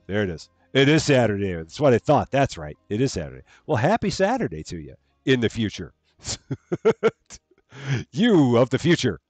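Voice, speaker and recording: A man's voice: deep voice, darkish tone, no echo. A man casually chatting with viewers while he plays a farming game on a live stream, greeting people and laughing at his own jokes.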